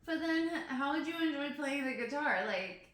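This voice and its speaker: In a very echoey room, a woman reads poems aloud casually in a high, expressive, fairly bright voice at normal speed. She laughs at herself when she trips over hard words and chats between poems.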